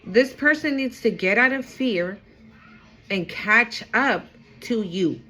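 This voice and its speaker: Here an intuitive card reader talks straight to her viewers in a casual spiritual reading, her fairly high-pitched voice captured on a rough recording. She sounds excitable, chatty and emphatic, cursing casually while her volume shifts fast.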